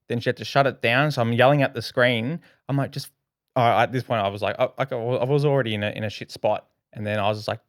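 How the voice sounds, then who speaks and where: Casting: Australian man, podcast co-host, animated storyteller who swears freely, mid pitch, dry close mic. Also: smooth, dry recording. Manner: animated, heavy swearing, acts out his own quotes. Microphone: podcast microphone.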